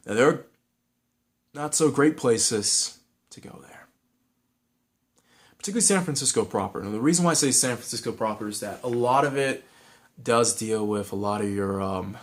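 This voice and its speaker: Socal-accent guy vlogging, blunt and rambly, lots of um and restarts, mid-pitched voice. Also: normal speed, pauses often. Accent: Southern California. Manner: frank, rambling, with many restarts and fillers. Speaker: YouTuber giving advice. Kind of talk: casual opinion vlog.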